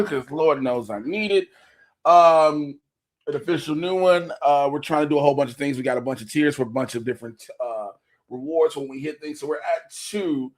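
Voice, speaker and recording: Joking man reading donor messages. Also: on the high side. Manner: loose, joking, reads donor messages aloud. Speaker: podcast co-host. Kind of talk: casual livestream chat.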